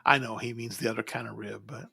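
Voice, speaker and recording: Gravelly, bright-toned co-host man. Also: mid-range voice, fairly even intonation, quick pace. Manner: reads audience questions. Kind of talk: casual chat.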